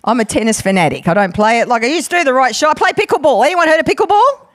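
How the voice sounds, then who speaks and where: A woman's voice: sits high, animated, quick pace, no room sound. A woman preaching a sermon as a guest preacher, playful and chatty, joking with the congregation.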